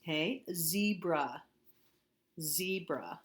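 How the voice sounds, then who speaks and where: A woman's voice: deep voice, lively intonation, extremely slow. A woman teacher giving a recorded spelling lesson, patiently repeating words and spelling them out letter by letter.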